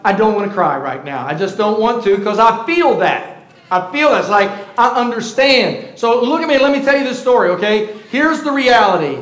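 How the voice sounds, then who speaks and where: A man's voice: high voice, fairly bright tone. A middle-aged man preaching a sermon as pastor, talking conversationally and calling out to his congregation. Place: church sanctuary. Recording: roomy echoey hall.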